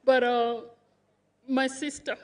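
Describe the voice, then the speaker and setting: A woman's voice: high voice, flat delivery, takes it slowly, a little mellow. A woman giving an emotional tribute at a funeral service, laughing and crying as she speaks about her late brother-in-law. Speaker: eulogy speaker, sister-in-law of the deceased. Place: funeral service before a congregation.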